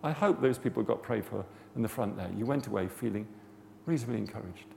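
This preacher teaching about healing prayer has a fairly low, creaky, warm voice with lively intonation and a quick pace. His informal sermon is conversational and full of stories, climbing into fervent emphasis, heard through long hall reverb with faint noise behind.

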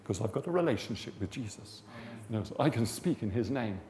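A man's voice: mid-range voice, lively intonation, brisk, darkish tone. A man giving an informal sermon on healing prayer, chatty and storytelling, rising to fervent emphasis. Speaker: preacher teaching on healing prayer. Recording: long hall reverb, faint background noise.

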